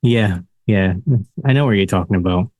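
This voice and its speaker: A man's voice: low-pitched, normal speed, darkish tone, no echo. A man hosts a casual podcast conversation, asking questions between easy laughs. He is blunt and swears without fuss. His voice sits close and dry, with no room sound around it. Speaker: podcast host. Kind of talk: casual interview chat.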